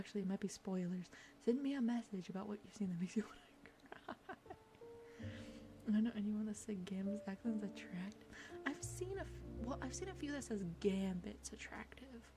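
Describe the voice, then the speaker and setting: A woman with an American accent, chatting with viewers in an ASMR stream, soft-spoken and partly whispered. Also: mid-range voice. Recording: music playing behind.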